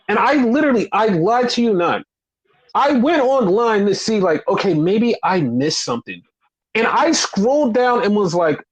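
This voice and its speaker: A man in his thirties with a high-pitched voice rants on a wrestling podcast. He talks in a heated, casual way, swearing a lot and leaning on "like" as he goes. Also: lively intonation, normal speed, poor audio. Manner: heated, profane, lots of "like". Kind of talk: casual rant.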